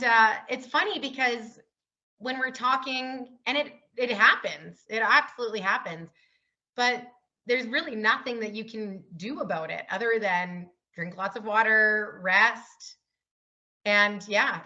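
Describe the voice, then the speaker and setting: A woman's voice: on the high side, animated, measured pace, sharp tone, lo-fi sound. A woman keynote speaker talking casually and with enthusiasm in an interview. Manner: upbeat and enthusiastic.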